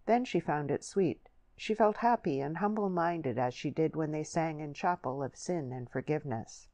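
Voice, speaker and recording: A woman reading a novel aloud in measured, literary narration. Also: sits low, dark tone, no echo. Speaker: audiobook narrator. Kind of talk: scripted narration.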